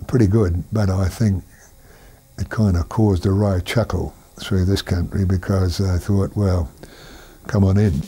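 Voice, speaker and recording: A man's voice: sits low, flat delivery, a little slow, mellow, slightly rough. A man from New Zealand recalling events in a dry, hesitant way. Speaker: interviewee. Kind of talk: interview recollection.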